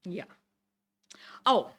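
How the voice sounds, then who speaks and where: In a synagogue classroom, a woman teaches a Torah lesson to a congregation, speaking extremely slowly in a slightly bright voice. She reads verses aloud, explains Hebrew words and keeps checking in with "Okay?"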